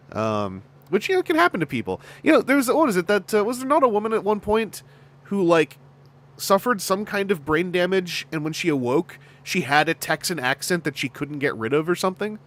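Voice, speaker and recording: A man's voice: a little high, sing-song, brisk, fairly bright tone. A man hosting a podcast, chatting casually in a rambling, joking way. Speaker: podcast host. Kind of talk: casual chat.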